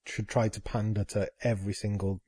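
Mellow, measured man. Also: lowish voice, flat delivery, slightly rough. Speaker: podcast co-host. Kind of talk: casual chat.

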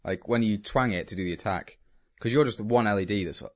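A man with a slightly low voice co-hosts a relaxed podcast chat. He answers with dry, sarcastic quips and deadpan jokes. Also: fairly quick. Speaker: podcast co-host. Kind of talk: casual chat.

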